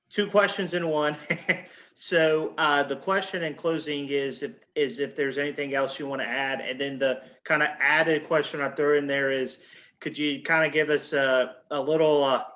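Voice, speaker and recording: A man hosts a casual interview and asks his questions in a rambling, hesitant way, full of fillers. His voice sits a little high and comes through a dull, lo-fi recording. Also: fairly bright tone. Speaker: interview host. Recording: dull lo-fi sound.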